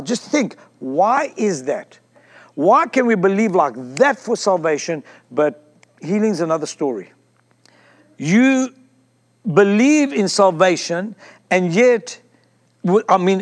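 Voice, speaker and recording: High-pitched male pastor, emphatic sermon delivery, repeats lines and questions the crowd. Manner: emphatic, repeats phrases and asks the congregation questions.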